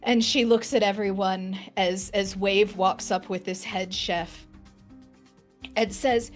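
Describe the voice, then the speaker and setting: A woman's voice: mid-range voice, steady tone, slow, soft background music. Playful woman narrating her game character. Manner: casual, playful. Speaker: player.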